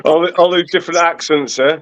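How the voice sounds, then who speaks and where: Chatty dad, muffled sound. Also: male voice, on the high side, fairly even intonation, quick pace, dry recording. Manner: chatty, laughs often. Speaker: host's father. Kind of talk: casual chat.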